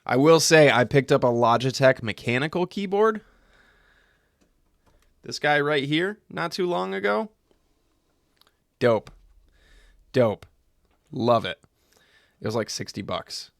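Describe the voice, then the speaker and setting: American man, young adult, casual streamer chat, mid-pitched voice, dry close desk mic, home room. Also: big pitch swings, takes it slowly, gravelly, long pauses, no room sound. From United States. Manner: loose, chatty, swearing, trails off and restarts. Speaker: streamer hosting a beer tasting stream. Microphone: desk microphone.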